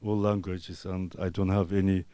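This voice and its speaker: A man from Azerbaijan whose first language is Talysh, an artist answering interview questions in halting, broken English full of pauses and fillers. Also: deep voice, level tone, warm tone.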